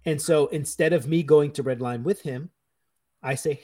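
Guy in his 30s, chef telling work stories, swears a lot, dark warm voice. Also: fairly high pitch, normal speed. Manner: blunt, profane, animated storytelling. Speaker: chef, podcast guest. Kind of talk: casual chat.

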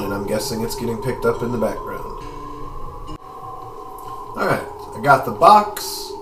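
A man casually narrating a video game playthrough, describing the action as he goes. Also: medium pitch. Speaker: let's play narrator. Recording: echoey room, distant mic, faint music.

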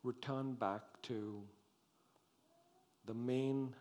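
A male preacher delivering a sermon at an unhurried, deliberate pace. His voice sits at an ordinary middle pitch, and he swings between loud, emphatic declarations and soft, hushed asides. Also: steady tone.

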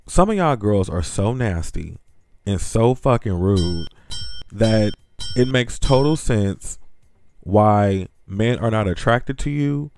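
A man's voice: on the low side, takes it slowly. Sassy laughing male podcast host. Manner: animated, sassy, laughs often while talking; profane and blunt. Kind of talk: gossipy podcast rant.

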